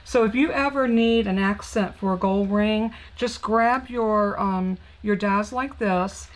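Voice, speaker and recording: On a live crafting stream, a woman from the Southern United States gushes and chats through a card-making demo, thinking out loud with lots of fillers. Her mid-range voice moves at a slow pace, and the recording sounds rough.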